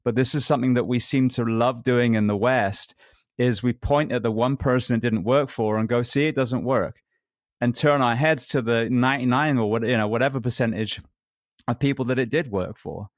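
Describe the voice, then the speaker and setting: A man of middle pitch makes his case bluntly and emphatically. The sound is dry and close, with no room in it. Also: fairly even intonation, normal speed, no room sound. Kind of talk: conversational interview talk.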